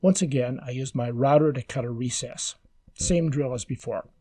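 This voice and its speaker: A man giving calm, measured, step-by-step woodworking instructions as a scripted voice-over. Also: mid-range voice, no echo.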